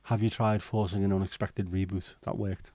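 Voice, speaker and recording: A middle-aged man, hosting a relaxed livestream and chatting with viewers in a jokey, rambling way. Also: low voice, normal speed, no room sound. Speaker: livestream host. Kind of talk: casual chat reading viewer comments.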